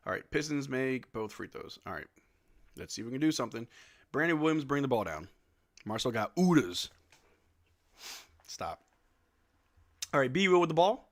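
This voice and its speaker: A man hosting a casual live watch-along, calling plays excitedly at home and tossing in joking asides with lots of "bro.". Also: medium pitch, moderate pace, long pauses. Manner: excitable play-by-play mixed with joking asides, says "bro" often. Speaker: live stream host.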